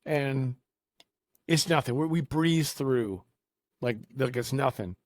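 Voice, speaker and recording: A man on a podcast telling a long story in a casual, animated way, acting out the people he quotes. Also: mid-range voice, slow pace, dry recording, clean studio sound. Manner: animated, acts out quoted voices. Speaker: podcast guest.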